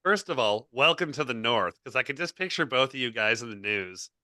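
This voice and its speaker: A man on a podcast panel, chiming in with quick, easygoing remarks in a casual chat. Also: medium pitch, expressive, bright, forceful tone, no echo.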